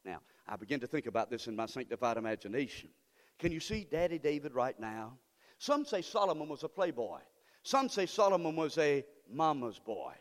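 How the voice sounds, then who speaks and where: A man's voice: mid-range voice, sing-song, fairly quick. A man preaching a sermon as pastor, fervent and repetitive, drawing call-and-response from the congregation. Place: church sanctuary. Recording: long church hall reverb.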